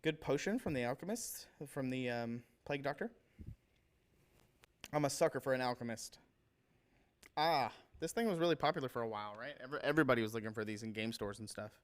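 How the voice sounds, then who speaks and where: A man chats casually on a livestream, rambling and enthusiastic, often stumbling over names. His voice sits at a medium pitch, like most men's. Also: animated, fairly quick. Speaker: livestream host showing painted miniatures.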